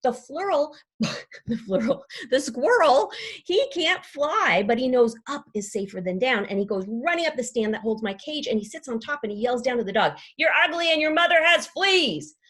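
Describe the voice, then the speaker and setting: A woman's voice: a little fast, breathy edge. Woman reading as a chatty, rhyming class parrot. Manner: lively storytelling with playful rhymes and pitch leaps. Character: chatty, dramatic class pet parrot who writes rhymes. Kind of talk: children's book read aloud.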